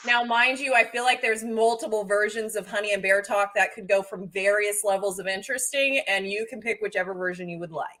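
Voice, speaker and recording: A woman hosting a casual livestream, chatting in a bubbly, excitable way that swings from loud bursts to soft asides. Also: mid-range voice, fairly quick, hardly any pauses. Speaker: livestream host.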